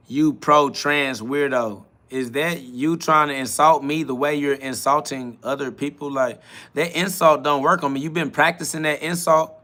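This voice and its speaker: A man's voice: a little high, sharp tone. A man hosting a live-stream podcast, reading out chat comments and answering them in a confrontational, profane, mocking way. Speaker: livestream podcast host.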